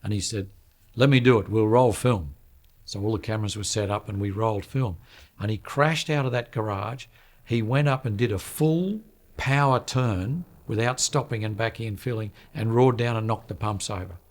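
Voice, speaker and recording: A man from the film crew recalling a stunt in a plain, steady way with a few fillers. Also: fairly low pitch, normal speed.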